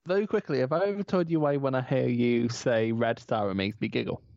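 A man's voice: medium pitch, fairly quick, gravelly, darkish tone, no echo. Young Scottish man, dry dull mic. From Scotland. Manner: defensive, self-mocking, laughs often. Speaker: podcast co-host. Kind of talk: casual chat.

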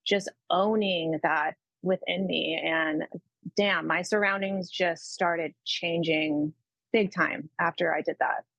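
A woman's voice: fairly low pitch, steady tone, slow pace, gravelly, a bit bright, no echo, muffled recording. A woman co-hosting a podcast, telling frank personal stories in a casual, upbeat, sweary way. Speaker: podcast co-host.

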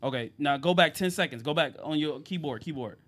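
A young man hosts a casual podcast, reading viewer comments aloud in loose slang. His voice sits a little high. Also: brisk, a bit bright. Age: young adult. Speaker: podcast host. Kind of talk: casual chat.

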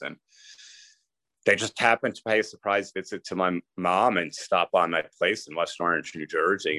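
A man's voice: low-pitched, bright, forceful tone, no echo. A middle-aged man telling his personal story candidly and conversationally as a podcast guest.

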